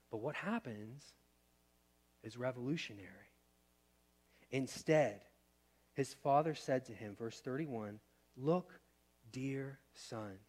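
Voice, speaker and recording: A man in his thirties, a pastor preaching a sermon in a conversational way, asking the room questions and shifting between loud and soft. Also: mid-range voice.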